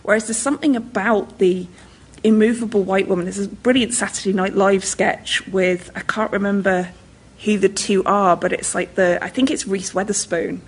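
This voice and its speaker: Northern english woman on a discussion panel, bit husky, chatty and laughy. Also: mid-range voice, fairly even intonation, moderate pace, low-quality recording. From northern England.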